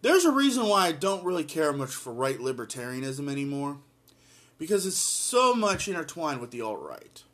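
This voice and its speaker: A man's voice: a little high, sing-song, normal speed, fairly bright tone. A man giving impassioned solo political commentary and reading an article aloud, blunt and emphatic, repeating lines for force.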